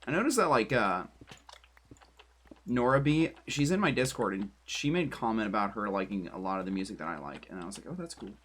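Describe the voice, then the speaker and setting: A man streams a building game, chatting casually with viewers in a rambling, self-deprecating manner. His voice is fairly low, expressive, a little fast and fairly bright, with slight background noise plus keyboard typing and clicks.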